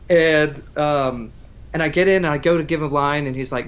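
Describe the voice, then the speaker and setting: A man's voice: fairly high pitch, a little fast, a bit bright, dull audio. A man chatting casually as a guest musician, telling a story in a rambling, self-interrupting way. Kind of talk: casual livestream chat between songs.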